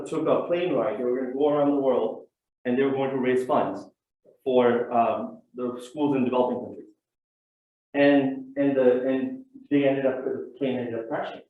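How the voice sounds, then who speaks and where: A man's voice: medium pitch, darkish tone. Guy talking estate planning at a community event, chatty, says "right?" a lot, big echo, dull far-off sound. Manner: conversational, often tags sentences with "right?". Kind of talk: seminar talk. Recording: very echoey room, far from mic, dull sound.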